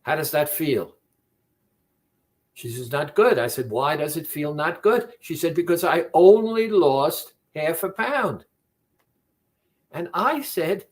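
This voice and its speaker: Slow, deliberate male weight-loss coach. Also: sits high. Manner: slow, deliberate, retells conversations with quoted dialogue. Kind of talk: reflective monologue.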